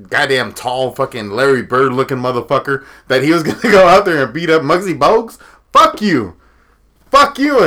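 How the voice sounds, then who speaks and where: A man's voice: medium pitch, sharp tone. A man co-hosting a podcast in casual chat, profane and trash-talking, laughing often. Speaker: podcast co-host.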